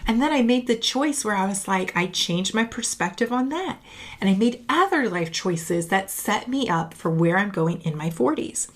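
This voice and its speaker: A woman's voice: mid-range voice, lively intonation, normal speed. A woman in her late thirties, a leadership coach, talking in an upbeat, emphatic, chatty way in a casual reflective monologue to camera. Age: late 30s.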